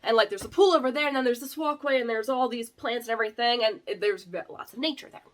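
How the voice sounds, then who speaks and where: A woman's voice: on the high side, fast talker. A woman in her thirties hosting a vlog, telling a story casually with many fillers and laughs. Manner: animated, filler-heavy, laughs often. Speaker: vlog host.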